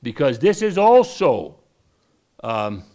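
A man teaching from scripture in a conversational way, reading verses slowly and then explaining them in quick asides. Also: medium pitch, very animated, dark tone. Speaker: preacher. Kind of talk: Bible teaching.

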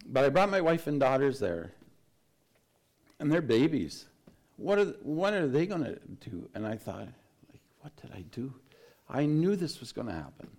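A man telling a personal story in a casual, halting way, often restarting and dropping his voice quietly at the grave parts. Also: mid-range voice, big pitch swings. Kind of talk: casual spoken recollection.

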